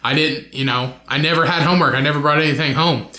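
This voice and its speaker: A young man hosts a podcast alone, telling a profane story and laughing as he goes. His voice sits high and bright, and the room around him is echoey. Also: fairly even intonation, fast. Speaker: podcast host. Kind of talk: casual solo podcast storytelling.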